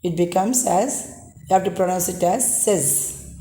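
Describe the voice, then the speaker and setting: A woman's voice: fairly low pitch, moderate pace, warm tone, reverberant. A woman with an Indian English accent teaching a pronunciation lesson, spelling words out letter by letter and explaining patiently.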